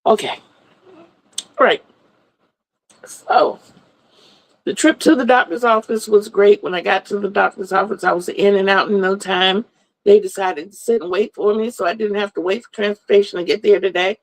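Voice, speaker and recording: A woman's voice: medium pitch, fairly even intonation, normal speed, pauses often, rough recording. A middle-aged woman hosting a livestream, chatting in a rambling, storytelling way and greeting viewers. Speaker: livestream host. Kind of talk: casual livestream chat.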